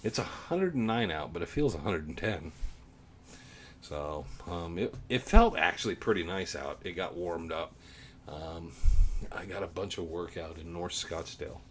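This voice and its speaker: A man hosting a casual livestream, reading viewer comments in a rambling, easygoing way, a bit low on energy from the heat. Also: animated, normal speed, slight background noise. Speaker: livestream host.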